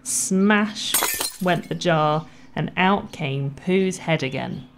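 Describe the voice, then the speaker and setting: Brief: woman storyteller, low pitch, gentle and measured read-aloud. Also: gravelly, background noise. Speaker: narrator. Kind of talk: storybook reading.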